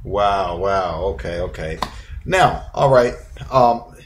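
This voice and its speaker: A man's voice: deep voice, expressive, slow pace, slight background noise. A man hosting an internet radio talk show, chatting with a guest in a rambling way full of restarts and fillers. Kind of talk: casual interview.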